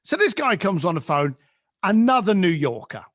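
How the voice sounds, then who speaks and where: Guy spinning a story, high voice that jumps all over, dry close sound. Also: big pitch swings, normal speed, a bit bright, dry recording. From East London, England. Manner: acts out quoted voices, swings pitch and volume. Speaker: podcast guest. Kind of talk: animated storytelling.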